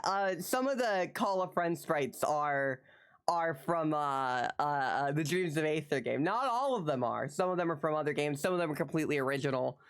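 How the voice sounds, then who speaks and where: Her voice sits low as she chats informally with viewers on a live stream. She's worked up and swearing heavily, repeating one phrase again and again.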